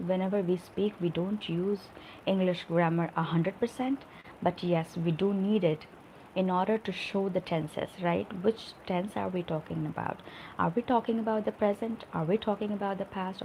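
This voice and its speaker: A woman's voice: lowish voice, muffled recording, a little hiss or hum. A middle-aged woman teaching spoken English in a live online lesson, explaining with examples and often checking in with "right?".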